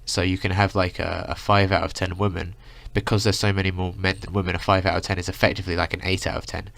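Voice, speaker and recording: A man's voice: low voice, flat delivery, fast, gravelly, a bit bright, no echo. A young man ranting through a casual storytime, rambling with lots of filler words. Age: young adult. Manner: rambling, full of "like" and "you know". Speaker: vlogger.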